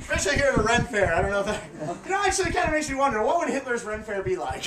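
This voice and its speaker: Loud teasing showman, high voice. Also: animated, very fast, few pauses, a loud crowd. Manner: loud, teasing, crude jokes with bursts of shouting. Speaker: fire performer and street-show comedian. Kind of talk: live comedic stage patter to a crowd. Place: outdoor stage at a Renaissance fair. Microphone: camera far from the stage. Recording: distant, echoey, noisy amateur video.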